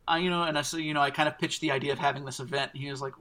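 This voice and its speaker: A man telling a long personal story in casual chat, animated and acting out what others said. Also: medium pitch, racing. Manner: animated storyteller, acts out quotes. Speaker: storytelling guest.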